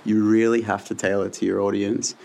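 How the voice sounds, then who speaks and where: Gravelly-voiced laid-back man. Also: on the low side, flat delivery, a little fast, darkish tone. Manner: frank, laid-back storyteller. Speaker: interview guest, yoga teacher. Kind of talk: casual interview chat.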